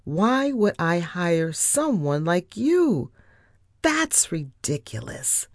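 A woman's voice: fairly low pitch, big pitch swings, slow, no room sound, studio quality, exaggerated voice. A woman reading the part of a fussy, flustered grown male mouse who edits a newspaper, in storybook narration. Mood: exasperated. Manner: exasperated, flustered.

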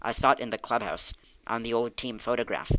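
A man reading aloud, voicing an excited, curious young boy in a children's storybook. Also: mid-range voice, noisy background, natural voice. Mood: eager. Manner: eager, quick bursts.

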